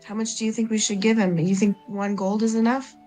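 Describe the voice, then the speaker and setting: A woman's voice: medium pitch, level tone, a little mellow, faint music behind. A woman playing a tabletop game, speaking casually and playfully, slipping in and out of her character. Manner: casual, playful, quick asides. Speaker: player.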